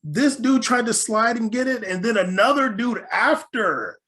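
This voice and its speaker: A young man co-hosting a podcast, telling stories in a casual, excitable way and stumbling over repeated words as he starts. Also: very high-pitched, unhurried. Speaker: podcast co-host. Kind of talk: casual chat.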